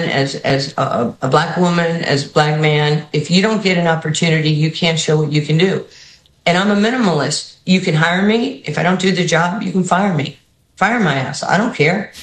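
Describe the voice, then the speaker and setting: A woman with a New York accent, coaching basketball, tells stories in an interview. She acts out the people she quotes with an animated, lively delivery. Her voice carries a roomy studio echo. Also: deep voice. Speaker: basketball head coach, guest. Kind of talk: storytelling interview answers.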